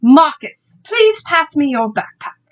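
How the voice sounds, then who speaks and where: A man voicing a sharp, stern middle-aged mother who defends her son in crisp, formal tones. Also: very high voice, very animated, slow pace, voice pushed up, full character voice. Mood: icy, indignant.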